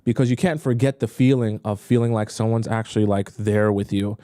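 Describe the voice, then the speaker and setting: A man's voice: brisk, no echo. Casual male dating coach, dry sound. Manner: casual, animated, jokes with mocking high voices. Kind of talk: reacting to a clip, giving dating advice.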